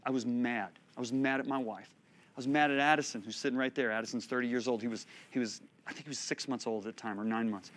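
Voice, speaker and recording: A man in his fifties preaching a sermon, telling stories expressively and swinging between loud and hushed delivery. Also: medium pitch, fairly even intonation, fast. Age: 50s. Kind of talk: sermon teaching.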